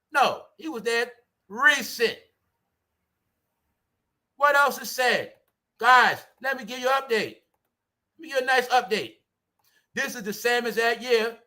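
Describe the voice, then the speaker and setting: Celebrity gossip gets casual commentary from a high-voiced, bright-sounding man from New York who hosts the show. He speaks animatedly, mimics voices, and refers to his listeners as "y'all."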